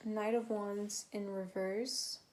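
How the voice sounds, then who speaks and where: Woman, tarot reader, casual rambling chat, mid pitch, faint background noise. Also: level tone, slow, a little mellow. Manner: chatty, rambling, many fillers and restarts. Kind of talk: casual tarot reading to camera.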